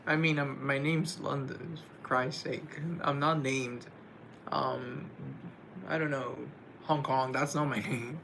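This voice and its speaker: A man's voice: mid-range voice, level tone, takes it slowly, vocal fry, fairly bright tone, slight background noise. A man hosting a casual livestream, answering viewer comments with a playful, joking manner. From United States. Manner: playful, joking, talks to himself. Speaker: livestream host.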